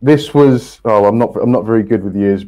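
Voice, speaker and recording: A man, a podcast guest, telling his story in a casual, halting way with many restarts and fillers. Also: on the low side, dark tone, low-quality recording. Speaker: guest, company co-founder.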